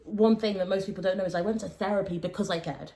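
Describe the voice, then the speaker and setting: A young woman frankly telling a personal story as a podcast co-host, animated and quick to laugh. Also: medium pitch. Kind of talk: casual storytelling chat.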